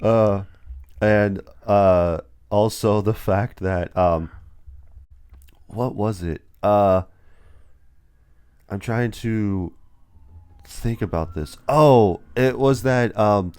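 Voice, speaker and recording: A man's voice: lowish voice, drawn-out words, long pauses, a little mellow, clean tone. A young man hosting a casual movie review podcast, retelling scenes with quoted voices. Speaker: podcast host.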